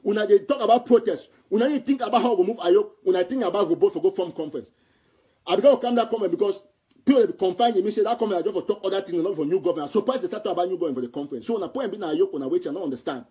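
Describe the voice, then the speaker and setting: Fast, heated Cameroonian Pidgin English man. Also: high-pitched, mellow, slightly rough. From Southern Cameroon. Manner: heated, repetitive, exclamatory. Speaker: political commentator. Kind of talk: impassioned audio commentary.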